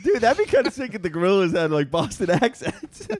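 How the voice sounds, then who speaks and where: A man's voice: high voice, sing-song, a little fast. A man co-hosting a comedy podcast, goofy and laughing often. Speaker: podcast co-host. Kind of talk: casual comedy chat.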